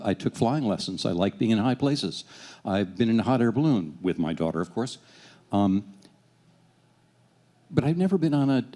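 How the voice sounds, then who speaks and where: A man in his sixties tells a story from his own life with a lively, swooping delivery. His voice is low and mellow, and he mocks himself and drops curses as he goes. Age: 60s. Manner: animated, profane, self-deprecating. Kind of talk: live personal storytelling.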